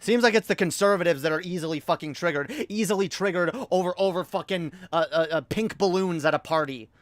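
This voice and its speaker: A woman's voice: fairly low pitch, fairly quick, no echo. A woman hosting a livestream, ranting angrily with lots of swearing and repetition. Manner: angry, profane, repetitive. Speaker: livestream host.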